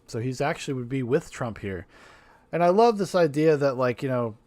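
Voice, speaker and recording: A man hosting a podcast, casually reacting with animated, profane, rambling commentary. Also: mid-range voice, normal speed, no echo. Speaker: podcast host.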